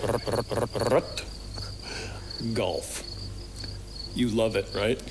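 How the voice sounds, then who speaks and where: A man's voice: fairly low pitch, steady tone, takes it slowly, background noise. An actor playing a smug, stuttering computer-generated male talk show host who punns and brags, with a glitchy, repeating delivery. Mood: teasing. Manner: cheeky, punning, self-important.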